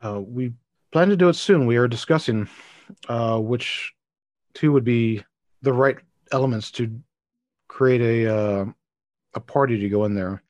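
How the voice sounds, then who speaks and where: A man voicing a solemn male elder who senses evil, in a tabletop role-playing game, speaking gravely and quietly. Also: mid-range voice, measured pace, long pauses, no room sound, lightly acted. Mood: measured.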